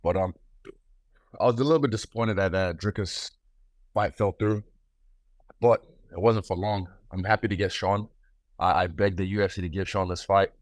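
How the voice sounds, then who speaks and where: A man in his thirties, the guest in an interview, talking in a relaxed, playful, slangy way with frequent restarts. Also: deep voice, normal speed, long pauses, no room sound, studio quality. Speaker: guest fighter. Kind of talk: casual interview.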